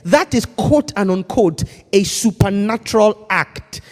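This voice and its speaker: A man preaching a sermon, swinging between hushed intensity and shouting. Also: sits high, lively intonation, a little slow, in a large hall.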